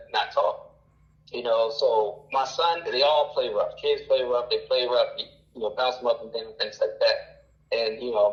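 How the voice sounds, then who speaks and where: A man's voice: mid-range voice, roomy sound. Man rambling on a muffled line. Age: around 40. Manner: rambling, halting with many fillers and restarts. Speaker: caller. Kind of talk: casual storytelling.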